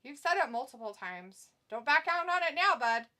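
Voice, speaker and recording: A woman with a bright, fairly high voice talks casually on a live stream. She teases her viewers and laughs often as she reads their comments aloud. Her tone stays loose and unscripted. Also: sing-song, moderate pace. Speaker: stream co-host.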